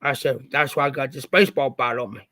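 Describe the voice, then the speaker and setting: A livestream host from Ohio, a little congested after the flu, rambles through a story and keeps saying "I said." His mid-range voice is brisk and sharp with fairly even intonation, and there's no echo.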